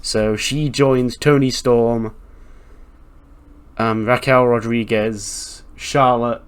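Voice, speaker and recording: A man's voice: mid-range voice, steady tone, slow pace, clear, resonant tone. Profane, joking man narrating a game. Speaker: let's-play host. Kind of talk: casual game commentary.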